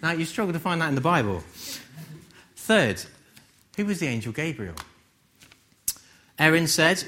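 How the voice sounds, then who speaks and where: A man from England giving a conversational sermon, gently humorous and full of rhetorical questions. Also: a little high, big pitch swings, normal speed, pauses often, slight background noise. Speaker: preacher.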